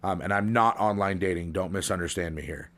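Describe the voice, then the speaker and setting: A man co-hosts a podcast in a casual comedic chat, stretching out long pun setups with lots of ums and restarts. His voice is low-pitched and a bit bright, and he talks a little fast.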